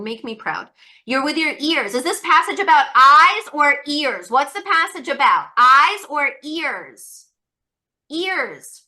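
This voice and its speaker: A woman tutor leading an online test-prep webinar, coaxing students with encouraging, repetitive questions and quick asides. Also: high-pitched, bright, forceful tone. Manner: rapid asides, many fillers.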